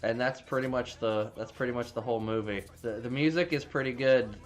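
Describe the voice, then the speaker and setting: A man's voice: mid-range voice, brisk. A man casually recapping a movie plot, rambling with frequent restarts and plenty of swearing. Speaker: movie reviewer.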